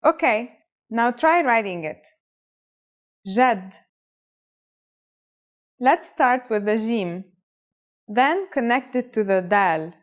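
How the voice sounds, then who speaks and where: A woman's voice: on the high side, lively intonation, takes it slowly, pauses often. A woman narrating a scripted language lesson in an upbeat, encouraging way. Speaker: language teacher.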